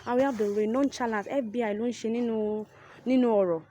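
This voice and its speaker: A woman explaining Yoruba tone marks in a casual lesson, animated and repetitive, with Yoruba asides. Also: a little high, fast, slight background noise. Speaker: language teacher.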